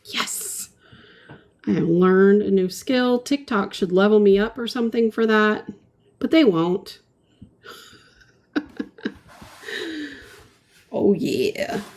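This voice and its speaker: Slow-talking, giggly livestream host. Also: female voice, mid-range voice, a little mellow. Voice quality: giggly, playful, chatty with viewers. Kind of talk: casual livestream chat.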